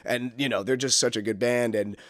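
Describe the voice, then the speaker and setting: A young man, a comedian, telling a story in casual podcast chat and loudly acting out the people in it. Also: mid-range voice, brisk, no room sound, studio quality. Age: young adult. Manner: animated storyteller, acts out quotes loudly. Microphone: podcast studio mic.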